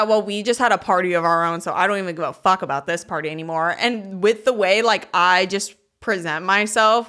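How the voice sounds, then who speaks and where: A woman's voice: mid-range voice, bright, forceful tone, clean tone. A woman in her twenties co-hosting a podcast, telling long, profane, laugh-filled stories in casual chat. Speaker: podcast co-host.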